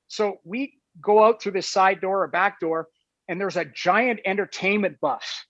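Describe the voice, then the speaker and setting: A man's voice: high voice, a little slow, a bit bright, dry recording. A man, a guest on a talk show, tells a casual anecdote in a rambling way, full of "like" and "you know". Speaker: guest telling a story. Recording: dull, lo-fi, dry sound.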